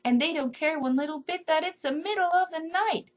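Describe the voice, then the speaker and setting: Woman as storybook earthworm, male, sleepless, grumpy, high complaining voice. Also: a little fast. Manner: complaining, raised shrill voice.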